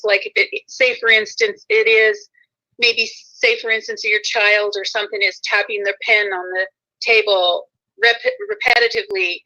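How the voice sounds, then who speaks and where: A woman's voice: fairly high pitch, bright, forceful tone. A woman hosting a casual talk show, rambling a little and correcting herself as she goes. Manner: rambling, self-correcting, laughs often. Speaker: show host. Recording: muffled lo-fi sound.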